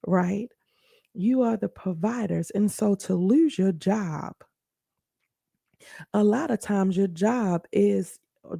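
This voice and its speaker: Dark, gravelly woman speaking earnestly. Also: medium pitch, no room sound, clean studio sound. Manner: earnest, conversational, speaks directly to listeners. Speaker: podcast host. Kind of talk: personal storytelling and teaching.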